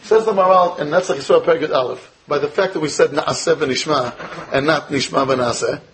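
With a fairly bright tone and a voice on the high side, an American rabbi moves fairly quickly through a Torah lecture on poor audio. He keeps tossing rhetorical questions at his students and uses Hebrew and Yiddish terms throughout.

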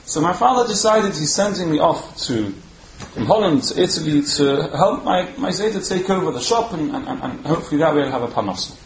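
This is a wealthy old man looking back on his youth, as a narrator puts him on. He speaks in a plain storyteller's voice. It sounds a little high, and the room is echoey. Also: expressive, brisk, creaky, a little hiss or hum. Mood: reminiscing. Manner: reminiscing storyteller's voice. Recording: roomy echo.

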